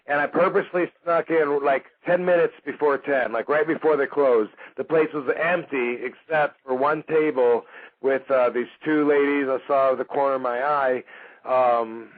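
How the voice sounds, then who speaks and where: A man hosting a radio show, telling a story casually with lots of fillers and acting out the voices of the people in it. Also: mid-range voice. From Michigan, USA. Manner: animated, acts out quoted voices, frequent fillers. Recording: phone-like narrow band radio audio.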